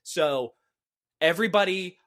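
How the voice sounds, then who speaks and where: A man's voice: high voice, measured pace, a bit bright. A man co-hosting a podcast in casual chat, rambling and correcting himself with a wry edge. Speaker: podcast co-host.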